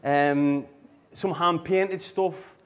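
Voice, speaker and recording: Guy telling stories on stage, kinda high voice, laughs a lot, keeps saying you know what i mean. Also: steady tone, very slow, a little hiss or hum. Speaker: speaker at a design conference. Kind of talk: casual anecdotal conference talk. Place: live talk on a stage.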